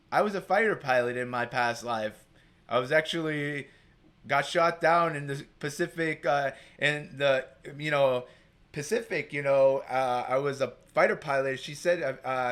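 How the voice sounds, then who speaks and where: A man's voice: on the high side, fairly bright tone. A man telling a personal story as a guest, rambling and packing his talk with filler words. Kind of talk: casual storytelling.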